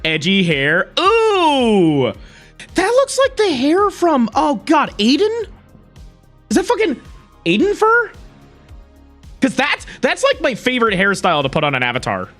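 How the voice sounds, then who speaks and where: A livestreamer chatting casually to viewers, excitable and quick to laugh, swearing casually. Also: high voice, faint music behind.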